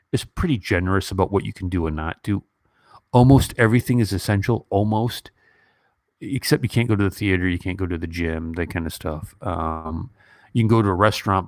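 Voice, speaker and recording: A man's voice: deep voice, darkish tone, dry recording. A man in his fifties chatting casually about movies on a livestream, rambling with lots of fillers and restarts, his nose stuffy from crying. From United States. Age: 50s. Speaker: YouTube movie reviewer.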